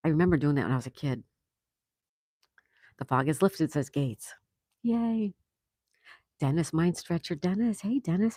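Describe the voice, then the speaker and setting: A woman's voice: deep voice, warm tone, no echo. A woman hosting a livestream, chatting casually and greeting viewers by name as she reads their comments aloud. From Florida. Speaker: livestream host.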